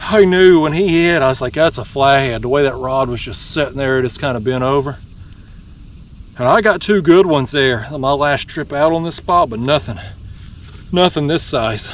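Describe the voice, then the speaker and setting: Excitable man fishing from a kayak. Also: fairly high pitch, normal speed, long pauses, far from the mic, slight background noise. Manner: excitable, folksy, laughs often, says "y'all". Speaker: fishing channel host. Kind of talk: excited outdoor vlog commentary. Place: on a kayak outdoors on a lake.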